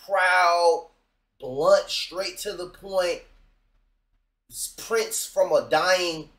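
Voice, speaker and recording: A man's voice: a little high, fairly bright tone, echoey room, low-quality recording. A man hosting a reaction video, talking bluntly and profanely straight to his viewers in a casual way.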